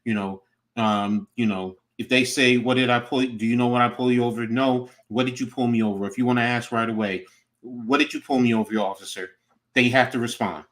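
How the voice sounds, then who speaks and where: A man's voice: mid-range voice, steady tone, a little fast, a bit bright. Earnest middle-aged man giving advice. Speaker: podcast co-host, coach. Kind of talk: casual chat.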